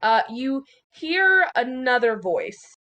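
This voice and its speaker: A woman's voice: high voice, very animated, slow, sharp tone, muffled recording. A woman narrating a tabletop game as game master, casual and full of fillers.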